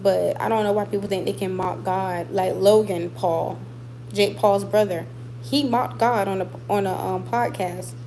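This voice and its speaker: A woman boxer chats casually with her livestream viewers in a warm, mid-range voice, emphatic and repeating points to drive them home. The recording is rough, with slight background noise.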